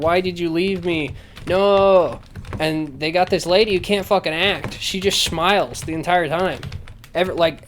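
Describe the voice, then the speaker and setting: Close to the mic, a male podcast host rants casually in a fairly high, slightly bright voice. He's sarcastic and profane, rambling with lots of fillers, and there's a little hiss or hum.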